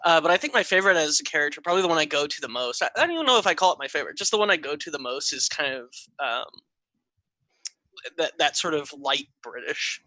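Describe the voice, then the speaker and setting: A man who runs tabletop games, chatting thoughtfully and correcting himself mid-sentence. His slightly high voice is very bright and forceful, recorded close and dry. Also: sing-song, fast, no echo, poor audio. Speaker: dungeon master. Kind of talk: casual chat.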